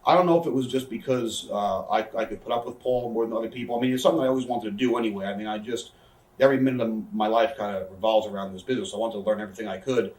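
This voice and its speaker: A man in a candid interview, telling backstage stories in a rapid, profane way and acting out what others said. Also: lowish voice, fairly even intonation, darkish tone. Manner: rapid, profane, acts out quoted voices. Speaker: interview guest, former wrestler. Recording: echoey room, somewhat far from mic.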